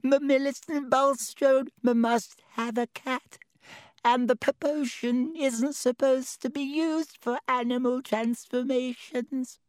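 A man's voice: very high-pitched, fairly even intonation, slow, no echo, studio quality, voice pushed up. A man voicing a young schoolgirl who stammers and sobs in distress, in a storybook reading. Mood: distraught. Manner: stammering, wailing.

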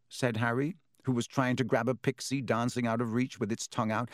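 A male narrator reading a fantasy story with lively, expressive delivery. His voice sits at an ordinary middle pitch for a man. The recording is dry and close, with no room sound. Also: a little fast, hardly any pauses, dry recording. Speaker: audiobook narrator. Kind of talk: scripted narration.

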